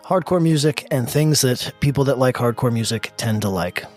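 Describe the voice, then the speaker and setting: A man's voice: mid-range voice, animated, moderate pace, a little mellow. A man co-hosting a music podcast, promoting it in an easygoing way. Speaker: podcast co-host doing a promo.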